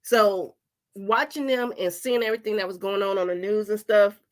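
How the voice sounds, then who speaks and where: A woman host, talking emotionally in casual commentary, animated and repeating herself. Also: medium pitch, moderate pace. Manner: animated, repeats herself, apologizes, acts out relatives' voices.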